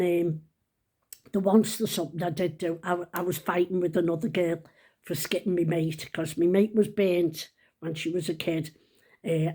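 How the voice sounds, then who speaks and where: A woman's voice: lowish voice, warm tone. A woman, telling rambling, self-mocking stories about her schooldays in a casual chat. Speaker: vlogger. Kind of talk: casual storytelling.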